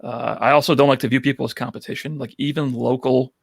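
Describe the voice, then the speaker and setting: Fast-talking gravelly New York man. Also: medium pitch, fairly even intonation, no room sound, clean studio sound. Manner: friendly, open and reflective. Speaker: podcast guest, rental business owner. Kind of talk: casual interview chat.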